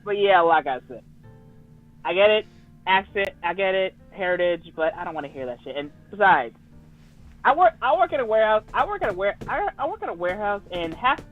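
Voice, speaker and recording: A man co-hosting a casual online talk show, ranting in an animated, exasperated way with plenty of cursing. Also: high voice, brisk, no room sound, narrow, tinny audio, soft background music. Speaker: podcast co-host. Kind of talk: casual chat.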